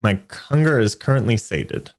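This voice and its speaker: Man playing a tabletop game, lively pitch. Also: normal speed. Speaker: player. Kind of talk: casual game chat.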